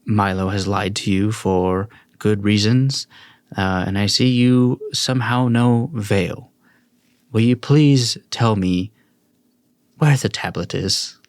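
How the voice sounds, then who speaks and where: A man's voice: on the low side, takes it slowly, no room sound. A man voicing a regal male king who is tired of his court, speaking formally. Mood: weary.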